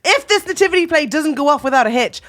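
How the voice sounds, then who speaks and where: A foul-mouthed schoolteacher in her fifties, read by a woman in a comedy read-through. She is brusque and crude, with a lively swooping voice pitched a little high. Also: fast talker. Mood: gruff. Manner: brusque, sweary, reading a script.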